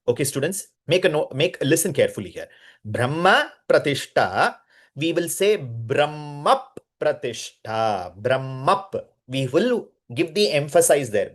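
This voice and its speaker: A man leads a chanting lesson at a very unhurried pace. He draws out every syllable and says each word again and again. He often stops to quiz his students. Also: a little high. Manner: drawn-out syllables, repeats words, quizzes students. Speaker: Sanskrit chanting teacher.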